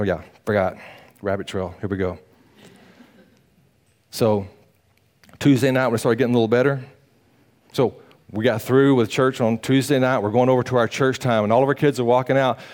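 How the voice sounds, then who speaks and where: A man, a pastor preaching a sermon in a folksy, animated storytelling manner, acting out the quotes. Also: mid-range voice.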